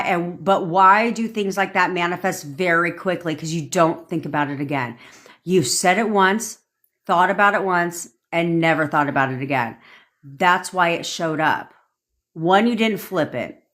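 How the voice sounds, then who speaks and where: A woman's voice: on the low side, a little slow, a bit bright. A woman, a manifestation coach, telling a story in a casual live-stream rant, swearing freely and repeating points for emphasis.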